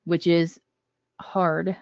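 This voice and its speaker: A man, a game designer guest on a podcast, talking in a measured way with frequent ums. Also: fairly high pitch, level tone, creaky, no room sound. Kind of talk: casual podcast chat. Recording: dull, dry lo-fi audio.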